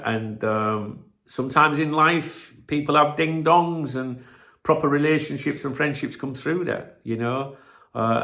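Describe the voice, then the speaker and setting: A man's voice: medium pitch, gravelly, fairly bright tone. A man hosting a casual live-stream chat, rambling and blunt, swearing freely, with plenty of filler words and restarts. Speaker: channel host.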